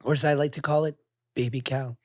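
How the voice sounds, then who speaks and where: A man's voice: medium pitch, fairly even intonation, fairly quick. A man in his thirties with a scratchy voice, co-hosting a casual podcast chat with playful jokes. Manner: joking, playful asides. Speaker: podcast co-host.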